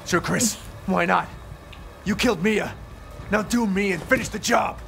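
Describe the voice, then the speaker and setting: A furious cornered husband. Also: male voice, sits high, unhurried, gravelly, a bit bright, soft background music, heavily acted. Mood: angry. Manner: curses and snaps in short bursts. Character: hunted young husband, angry and desperate. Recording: game audio with noise under it.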